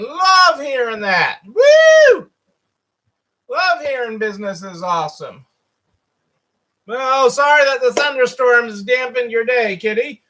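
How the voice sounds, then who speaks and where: A man's voice: extremely high pitch, pushed and bright, poor audio. A man hosting a casual live stream for store owners, who greets viewers by name and repeats his phrases. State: hiccups. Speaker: livestream host for store owners.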